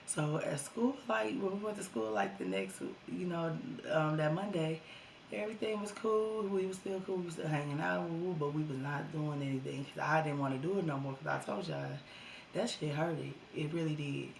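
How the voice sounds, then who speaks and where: Gravelly young woman telling a storytime. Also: sits low, moderate pace, roomy sound, a little hiss or hum. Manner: animated, slangy, addresses viewers as y'all. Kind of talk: casual storytime vlog.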